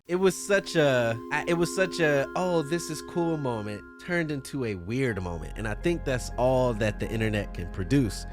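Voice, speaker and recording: Lively, joking man hosting a solo podcast. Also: medium pitch. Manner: loose, profane, joking, plugs his channels. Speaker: podcast host. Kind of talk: casual solo podcast monologue. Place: room with a fan running.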